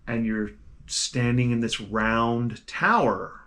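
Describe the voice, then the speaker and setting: A man's voice: medium pitch, takes it slowly. Man narrating as game master. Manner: relaxed storytelling with restarts.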